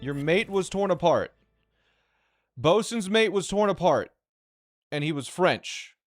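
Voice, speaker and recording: Excitable man thinking aloud. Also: high-pitched, takes it slowly, no room sound, faint music behind. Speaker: streamer. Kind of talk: live gameplay commentary.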